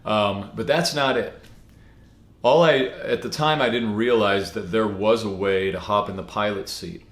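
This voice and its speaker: Guy rambling through a chill spiritual talk, kinda low voice, lots of ums. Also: measured pace. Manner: relaxed, rambling, many fillers and restarts. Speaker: spiritual teacher. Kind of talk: casual spoken teaching. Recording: echoey room.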